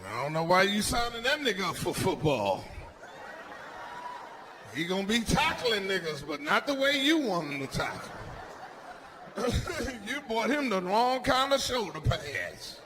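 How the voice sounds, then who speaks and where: Man, stand-up comedian, brash and loud, high-pitched, faint room noise. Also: very animated, measured pace. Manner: loud, brash, swings between growls and shouts. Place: comedy stage with live audience.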